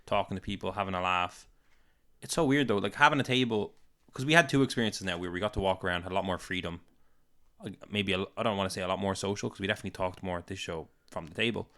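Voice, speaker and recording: An eager young man rattles along at a brisk clip as co-host of a casual podcast. His voice sits a little low. He keeps piling up thoughts in breathless, enthusiastic runs. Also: fairly bright tone. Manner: eager, enthusiastic, talks in rapid run-on bursts. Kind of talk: casual chat.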